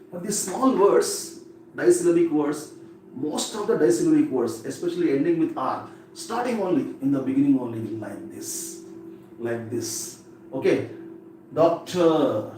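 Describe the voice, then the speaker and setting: A man lectures on exam English and repeats each word several times as he drills it. His voice sits a little high for a man. He stands far from the mic in a very echoey room, with faint noise underneath. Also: mellow. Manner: repetitive, drilling words aloud. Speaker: English teacher.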